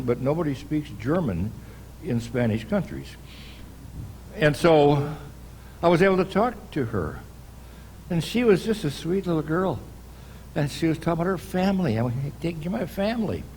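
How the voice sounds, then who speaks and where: An older American man preaching a sermon in a church, telling a story at an unhurried pace with pauses and restarts. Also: on the high side, slight background noise. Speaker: pastor.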